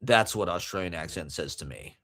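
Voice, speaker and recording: A man's voice: sits low, lively intonation, fairly quick, a bit bright. A man hosting a podcast, delivering a rambling, profane monologue full of fillers. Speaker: podcast host. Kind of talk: casual monologue rant.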